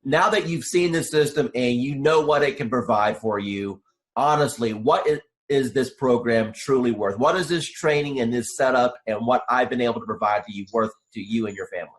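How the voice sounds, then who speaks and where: A man interviews his clients with probing, leading questions, steering them toward praise. His pitch sits in a middle range, and his questions have a sales-pitch manner. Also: normal speed. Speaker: interviewer and coach.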